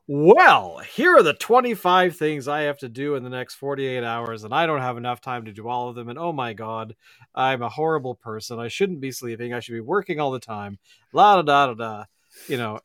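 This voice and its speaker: A man's voice: mid-range voice, fairly bright tone, dry recording, studio quality. Man rambling reflectively on a podcast. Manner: rambling and reflective, with frequent fillers. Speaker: podcast host. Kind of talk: casual chat.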